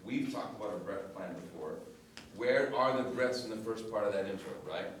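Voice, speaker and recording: A man's voice: on the low side, normal speed. A man coaching a chorus, giving instructions and checking in with the singers with a frequent "right?". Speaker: vocal coach. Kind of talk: choir coaching session. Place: rehearsal room with a chorus. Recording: echoey room, distant mic, noisy.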